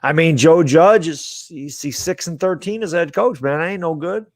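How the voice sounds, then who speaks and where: A man's voice: on the high side, normal speed, dry recording, studio quality. A man co-hosting a casual sports podcast, talking in an exasperated, rambling way. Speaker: podcast co-host.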